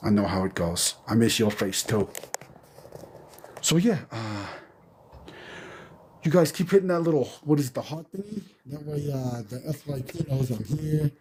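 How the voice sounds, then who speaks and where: A man rambles through a phone live stream from a garage, his voice sitting at an ordinary middle pitch. He talks in an offhand, deadpan manner, circling back on himself with loose, meandering asides. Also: normal speed, pauses often. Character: undead zombie entertainer persona, man.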